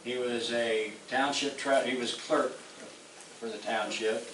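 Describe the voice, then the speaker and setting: Older man, local history talk, relaxed and nostalgic, mid-pitched voice, distant mic in a roomy hall with faint noise. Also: slow. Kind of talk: reminiscing presentation. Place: meeting hall. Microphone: distant room mic.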